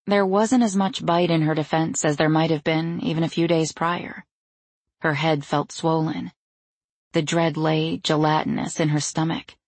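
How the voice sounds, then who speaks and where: A woman reading fiction aloud in a steady, measured way. Her voice is low with a husky grain. The recording is dry and close, with no room echo. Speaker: audiobook narrator. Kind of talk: scripted narration.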